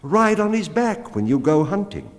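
A man plays a proud woman from a storybook, declaiming her lines loudly and with emphasis. The pitch swings widely and the words echo with a long hall reverb. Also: sing-song, normal speed. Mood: commanding. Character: proud, proper cave woman, commanding.

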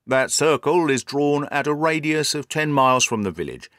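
A man's voice: fairly high pitch, expressive, moderate pace, fairly bright tone, dry recording, clean studio sound, voice pushed up. A man reading the lines of a hearty, self-assured police inspector in a storybook. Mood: brisk.

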